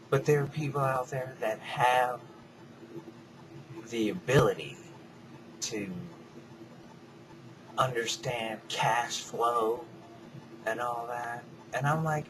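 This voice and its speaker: A man rambling in a casual, reflective monologue, swearing freely and drifting between soft mutters and louder bursts. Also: mid-range voice, expressive, slow, pauses often, noisy background. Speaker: vlogger.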